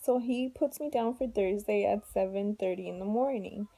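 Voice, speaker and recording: Tired pregnant woman, gravelly voice, dark tone, rambling home vlog. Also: mid-range voice, moderate pace, no echo, poor audio. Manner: rambling, weary, venting. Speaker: vlogger. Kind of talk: casual chat to camera.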